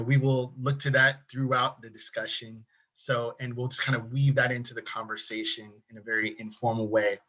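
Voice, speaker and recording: A man of medium pitch hosts an interview over a video call. He reads a polished introduction and then asks questions in easy, casual talk. The sound is dull and lo-fi. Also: sharp tone. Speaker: host. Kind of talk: interview hosting.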